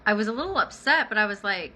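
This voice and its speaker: A woman's voice: mid-range voice, quick pace, poor audio. A woman telling a personal story in a casual vlog, acting out the dialogue as she recounts it. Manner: animated retelling with acted-out dialogue.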